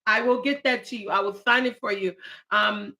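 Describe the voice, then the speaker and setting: Bright-voiced woman hosting an emotional livestream. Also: mid-range voice, moderate pace. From United States. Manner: heartfelt, emotional, animated bursts. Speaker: channel host and poet. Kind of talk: emotional live stream chat.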